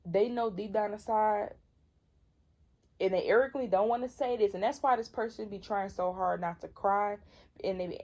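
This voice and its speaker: In a muffled recording, a woman's warm, mid-range voice comes through. She's a Michigan tarot reader in her twenties, chatty and full of slang, emphatically saying things over and over.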